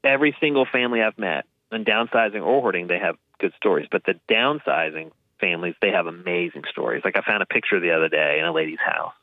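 A man's voice: fairly low pitch, no room sound. A man, a guest on an interview show, casually telling stories about helping families downsize and acting out the people in them. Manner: lively storyteller, acts out quoted voices, says "man" and "dude". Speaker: guest, downsizing and hoarding cleanup expert. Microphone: phone line. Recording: tinny phone line, dry.

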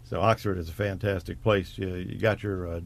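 Host: middle-aged American man, very low voice, genial, rambling. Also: steady tone, brisk, gravelly, a little hiss or hum. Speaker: interview host. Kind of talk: broadcast interview.

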